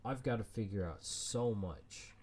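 Male game streamer, low unhurried voice, constant angry swearing. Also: a little mellow, slight background noise. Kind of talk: let's play commentary.

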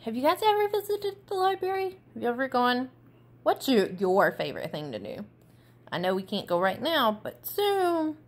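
A woman teacher reading a picture book aloud to young children, animated and asking them many questions. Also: high-pitched, moderate pace.

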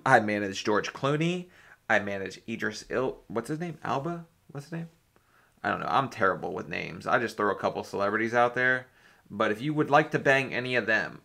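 Gravelly, bright-voiced man joking around. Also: lowish voice, expressive, moderate pace. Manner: joking, crude, sarcastic riffing. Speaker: reaction video host. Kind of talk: casual reaction commentary.

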